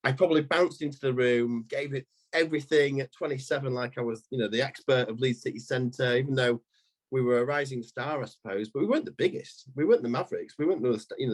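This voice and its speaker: A man's voice: mid-range voice, fast talker. A man in his thirties, an estate agency owner, telling a long anecdote in a podcast interview, rambling with frequent restarts.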